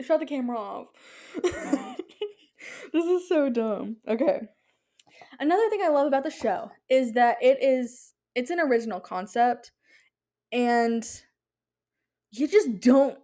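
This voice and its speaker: A young woman hosts her podcast in loose, chatty talk. She rambles excitedly, tripping over filler words, with a voice set a little high for a woman. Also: measured pace, long pauses. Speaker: podcast host. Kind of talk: casual chat.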